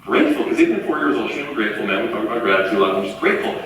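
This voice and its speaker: A man in his forties giving an earnest, animated motivational talk in a university event hall. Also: fairly low pitch, rapid-fire, background noise. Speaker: keynote speaker. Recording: echoey hall, far from the mic.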